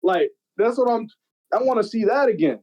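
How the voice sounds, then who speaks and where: A young man in casual podcast chat, telling stories in an animated, slangy, profane way. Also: very high-pitched, normal speed, muffled recording. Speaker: podcast guest.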